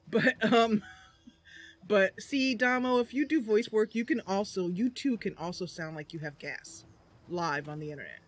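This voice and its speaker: A woman's voice: mid-range voice, measured pace, long pauses. A woman streaming a roleplay game, chatting casually and laughing often.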